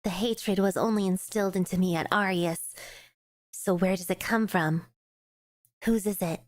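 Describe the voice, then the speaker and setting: A woman's voice: medium pitch, dry recording, close to an everyday voice. Woman voicing a cold, contemptuous young commander. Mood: taunting. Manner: calm, contemptuous, measured taunting. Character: cold ruthless young female squad commander. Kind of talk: reading game dialogue aloud on stream.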